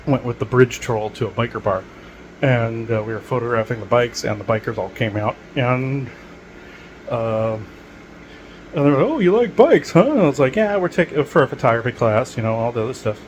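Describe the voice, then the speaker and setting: A man's voice: mid-range voice, fairly quick, a little hiss or hum, rough recording. A man hosting a podcast, talking in a rambling, digressive way with many fillers. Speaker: podcast host. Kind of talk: rambling casual monologue.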